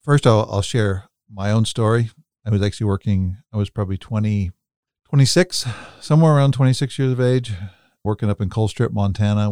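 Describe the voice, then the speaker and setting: A man's voice: lowish voice, mellow, clear, resonant tone, dry recording, clean studio sound. A man co-hosting a podcast, talking in a thoughtful, coaching way and telling stories from his own life. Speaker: podcast co-host. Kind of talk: reflective podcast talk.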